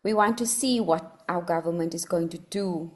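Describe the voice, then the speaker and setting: A woman's voice: fairly low pitch, moderate pace. A South African woman co-hosting a casual podcast, chatting and slipping between English and Afrikaans. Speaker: podcast co-host. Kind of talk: casual chat.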